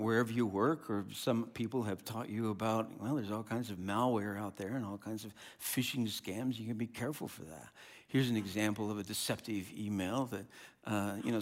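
A man preaching a sermon as pastor, animated and conversational, often restarting and repeating words. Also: on the low side. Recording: long hall reverb.

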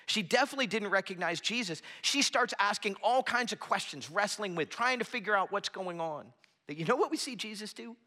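A man's voice: sits high, bright, forceful tone. A man preaching a sermon as pastor in a church with a small audience, earnest and conversational, often restarting his phrases.

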